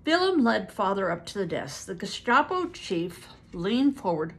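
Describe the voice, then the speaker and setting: An older woman reading a book aloud to family, pausing to explain words and stumbling over hard names. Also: mid-range voice, big pitch swings, fairly bright tone, slightly rough. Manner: stops to explain words and events.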